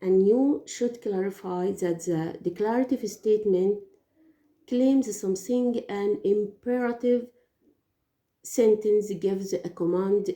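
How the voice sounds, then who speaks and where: A woman's voice: medium pitch, dark tone. A woman whose first language is Arabic gives English teaching tips, explaining carefully with some hesitations. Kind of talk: teaching tips, spoken lesson. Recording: echoey room.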